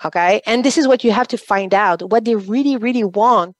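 A woman with a French accent, a guest on a business radio show, speaking haltingly and often restarting as she searches for English words. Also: on the high side, no echo. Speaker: guest, online business coach. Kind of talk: radio interview.

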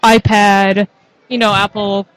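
A woman's voice: medium pitch, little pitch movement, slow pace, background noise. A young woman co-hosting a casual tech chat, upbeat and giggly as she presents a gadget segment.

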